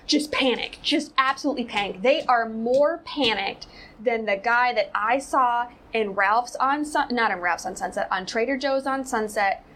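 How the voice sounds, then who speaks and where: A woman's voice: a little high, moderate pace, a bit bright, a little hiss or hum, poor audio. A woman hosting a casual commentary show, rambling and sarcastic, full of "like" fillers. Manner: rambling, sarcastic, heavy use of "like".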